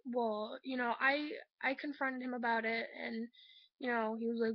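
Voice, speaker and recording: Young woman, slightly high voice, halting and hurt, personal storytelling, dry muffled home recording. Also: flat delivery, no echo. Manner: halting, hurt, leans on fillers. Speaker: vlogger.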